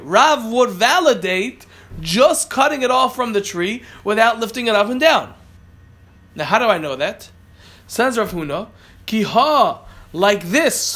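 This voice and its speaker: A man's voice: very high-pitched, bright, forceful tone. A man teaching a Talmud class, reading Aramaic phrases and then explaining them plainly, often catching and correcting himself.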